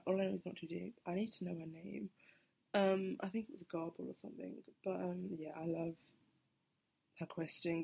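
Low, gravelly woman rambling. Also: a little mellow. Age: 20s. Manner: rambling, self-correcting, laughs often. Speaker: podcast host. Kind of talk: casual solo podcast monologue.

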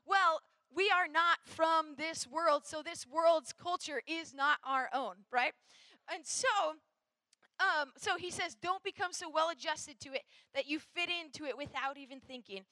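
A woman's voice: sits high, unhurried, bright, forceful tone, no echo. A woman from Minnesota giving a chatty, rambling youth sermon, full of fillers and asides.

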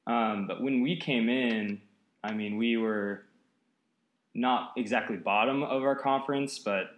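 A man's voice: medium pitch, unhurried, roomy sound. A man in his late twenties from the Seattle area, a podcast guest talking in an easygoing, rambling way with lots of fillers. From Seattle area, United States. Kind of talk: casual interview chat. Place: apartment.

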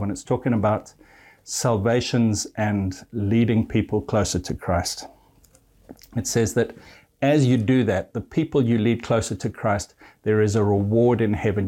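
Male preacher, earnest sermon delivery, lowish mellow voice, speaks straight to the listener. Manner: earnest, addresses listeners directly as friend; reads scripture verses aloud.

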